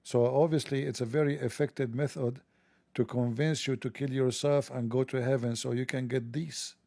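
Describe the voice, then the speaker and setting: Gravelly man with a sarcastic monologue. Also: mid-range voice, fairly even intonation, normal speed, warm tone, dry recording. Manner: mocking, joking, rambling asides. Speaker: religion commentator.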